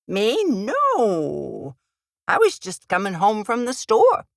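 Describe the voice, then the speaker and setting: A woman's voice: medium pitch, huge pitch swings, slow pace, creaky, no echo, clean studio sound, voice pushed up, full character voice. A woman voicing a heroine who puts on a folksy Minnesota accent and plays a chatty, innocent cat lady. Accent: put-on Minnesota. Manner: chirpy, folksy, playing innocent.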